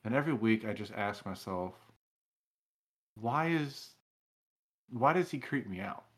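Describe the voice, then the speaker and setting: A young man co-hosts a casual podcast, recapping a reality show in long, rambling stories. His voice sits on the low side, and he often climbs higher and louder as he gets excited. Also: a little slow, slightly rough. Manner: rambling, animated storytelling with laughs. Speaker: podcast co-host.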